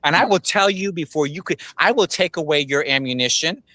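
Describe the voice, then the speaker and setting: A man co-hosting a podcast, talking in a blunt, excitable way and laughing quickly. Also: on the high side, no room sound. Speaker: podcast co-host. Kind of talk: casual podcast chat.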